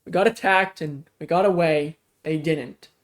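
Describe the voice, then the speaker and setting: A man voicing a tired young male survivor who lost a finger, speaking flatly and evasively. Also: on the high side, a little slow, lightly acted.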